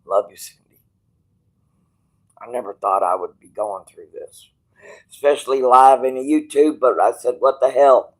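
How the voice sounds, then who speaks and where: Brief: a plain-voiced man in a hospital bed, blunt and cussing, swinging between quiet musing and loud defiance. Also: mid-range voice, moderate pace, pauses often, poor audio. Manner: blunt, profane and stubborn. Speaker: streamer. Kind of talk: rambling livestream talk.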